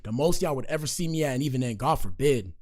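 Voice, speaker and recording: A man's voice: medium pitch, animated, fast, a little mellow, a little hiss or hum. A man hosting a casual livestream, reading viewer comments aloud and joking with his audience in slangy, direct talk.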